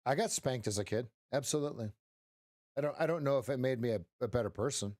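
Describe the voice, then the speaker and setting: A man's voice: mid-range voice, fast, darkish tone, no echo, clean studio sound. A middle-aged man hosting a casual live trading stream as a coach, rambling and joking with frequent restarts and "right?" tags.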